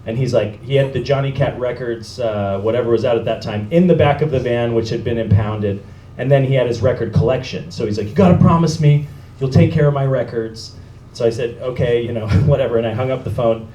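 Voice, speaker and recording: A man hosts a live storytelling night, telling a story on stage and laughing often as he goes. His voice is medium-pitched and warm, fairly even in intonation, and fast. The recording is muffled, with an echoey room and a noisy live crowd.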